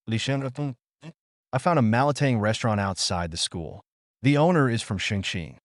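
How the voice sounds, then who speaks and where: A man's voice: medium pitch, animated, moderate pace, dry recording, close to an everyday voice. A man reading as a polite, curious young college student, his voice moving up and down a lot. The sound is dry and close, as in a storybook recap.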